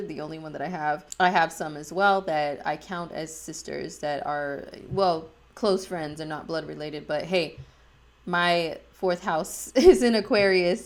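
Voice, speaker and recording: Woman, astrologer, casual chatty talk, slangy, laughing, lower pitch.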